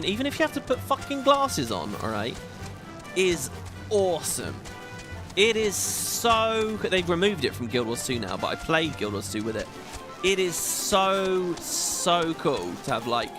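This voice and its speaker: A man talks through a game playthrough in a lively, fairly high voice whose pitch jumps around as he rambles and weighs in with opinions. Game music runs steadily under his commentary. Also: a little slow. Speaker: gaming video host.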